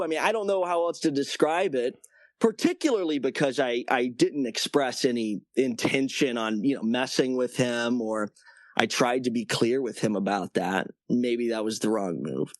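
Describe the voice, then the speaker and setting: A man in his twenties, calling in and telling a story in a halting, rambling way with many restarts. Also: medium pitch, dry recording, clean studio sound. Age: 20s. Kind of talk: casual call-in storytelling.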